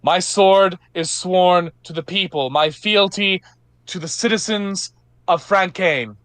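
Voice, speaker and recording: A man's voice: high voice, unhurried, fairly bright tone, dry recording, pitched above the performer's own voice. A man voicing a young woman knight giving a rousing speech to a crowd. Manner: rousing speech, raised proclaiming voice. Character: young woman knight rallying the people, defiant.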